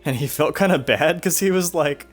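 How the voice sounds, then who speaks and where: A man's voice: on the high side, normal speed, faint music behind. Rambling, profane young man streaming. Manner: rambling, profane, laughs often. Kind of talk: casual storytelling while playing a game.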